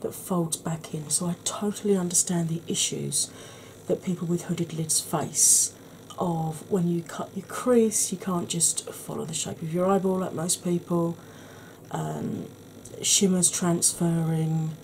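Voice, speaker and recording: A woman with a slightly husky voice, giving a soft-spoken ASMR makeup tutorial in a chatty, explanatory way. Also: lowish voice, fairly even intonation, measured pace, slight background noise.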